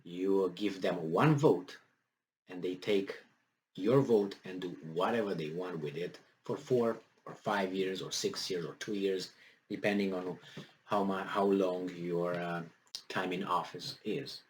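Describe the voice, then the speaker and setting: A man's voice: deep voice, a little slow, slight background noise. A man talking to his viewers in a casual, indignant political commentary, rambling with many fillers.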